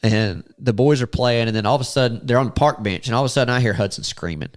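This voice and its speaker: A man recounts a hunting trip in easy, casual podcast talk. He slips into the voices of his friends as he goes. His pitch leaps up sharply when the story gets exciting. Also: fast, hardly any pauses. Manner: animated, acts out quotes with sudden high-pitched outbursts.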